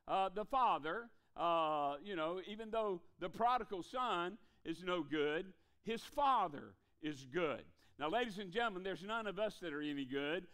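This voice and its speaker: Guy preaching at a revival in church, bright punchy voice, kinda folksy, asks for amens a lot. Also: high voice. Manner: folksy, calls for amens, drops to a hush for emphasis. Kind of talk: sermon.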